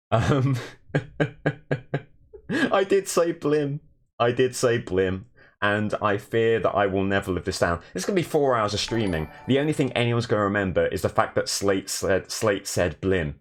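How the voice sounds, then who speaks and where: A young man streaming from his bedroom in a shared flat, chatting casually and self-deprecatingly and thanking viewers. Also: low-pitched, fairly quick. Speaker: Twitch streamer. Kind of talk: casual live stream chat.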